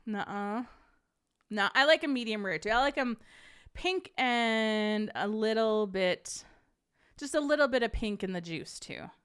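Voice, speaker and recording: A woman's voice: fairly high pitch, animated, unhurried, fairly bright tone, clear, resonant tone. A young adult woman hosting a podcast, casually reading a story aloud to her live chat and laughing often. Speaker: podcast host reading stories.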